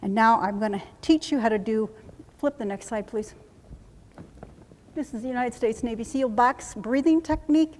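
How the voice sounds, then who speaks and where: A woman's voice: on the high side, a little mellow, a little hiss or hum. Woman coaching in an echoey hall. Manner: brisk, coaching, repeats phrases rhythmically. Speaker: trainer teaching combat medics. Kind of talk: live workshop demonstration. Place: conference room. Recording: echoey hall from a live conference.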